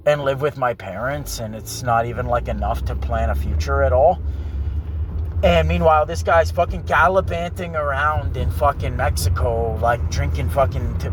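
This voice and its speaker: A young man with a light, not very deep voice, ranting in a rambling, profane monologue full of fillers. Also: slight background noise. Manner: rambling, swearing heavily, filler-laden. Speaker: vlogger.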